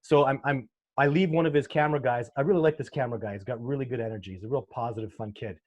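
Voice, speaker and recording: A man's voice: medium pitch, racing, dull audio. Earnest man telling emotional stories. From Canada. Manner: earnest, emotional storyteller, many restarts. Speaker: sasquatch researcher guest. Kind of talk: casual interview talk.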